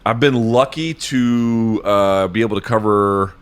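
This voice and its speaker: A man in his forties, an interview guest, talking casually on a video call in a rambling, halting way, swearing often. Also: on the low side, clear, resonant tone. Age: 40s. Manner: rambling, halting, emotional and profane. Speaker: interview guest, MMA journalist.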